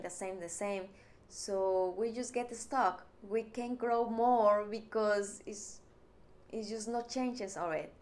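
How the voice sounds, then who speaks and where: A woman from Mexico with a Mexican accent, a native Spanish speaker, talking earnestly to camera in a personal vlog and searching for words in English. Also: mid-range voice.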